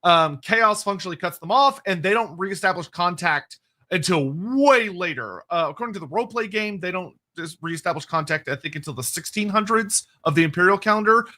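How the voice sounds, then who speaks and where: A man with a high, bright voice chats casually on a livestream, taking questions from the chat. He talks fast and often stops to correct himself, laughing between answers. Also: expressive. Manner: quick, digressive, laughing, self-correcting.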